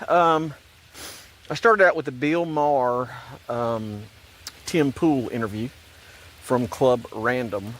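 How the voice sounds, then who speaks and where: A man's voice: mid-range voice, slow pace, long pauses, fairly bright tone. A man ranting in a sarcastic, repetitive way about religion and politics, rambling and restarting his sentences. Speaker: online commentator.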